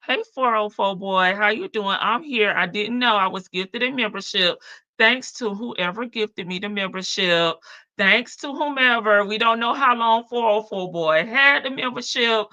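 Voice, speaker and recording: A woman's voice: medium pitch, measured pace, bright, forceful tone, no echo. A woman hosting a casual livestream, chatting and greeting viewers one by one in a big country voice. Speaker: livestream host.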